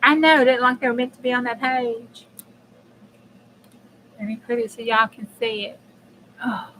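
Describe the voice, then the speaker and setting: A woman's voice: a little high, steady tone, unhurried, pushed and bright, a little hiss or hum, low-quality recording. A woman hosting a casual live crafting chat, chatty and blunt, swearing freely and talking straight to her viewers. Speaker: crafting channel host.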